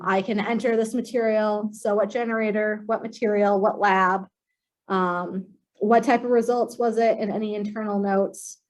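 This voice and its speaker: A woman presenting a software walkthrough in a webinar, speaking plainly with many um fillers. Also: on the high side, low-quality recording. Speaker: compliance staff presenting software.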